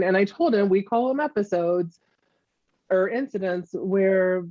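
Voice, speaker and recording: A woman guest in an interview, recounting events in a candid, halting way with frequent restarts. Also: medium pitch, dark tone, dry recording. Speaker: guest, mother of the subject. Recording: muffled lo-fi recording.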